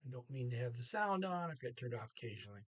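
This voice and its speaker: A man tutoring a language lesson in a casual, halting way, sounding out each foreign word slowly and then translating it, with frequent pauses as he thinks aloud. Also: mid-range voice, sing-song, slightly rough.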